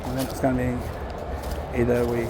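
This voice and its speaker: A man talking casually and reflectively while walking his dog in a park, sometimes calling out loudly to it. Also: medium pitch, monotone, brisk, very noisy. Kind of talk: casual outdoor vlog narration. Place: outdoors in a park.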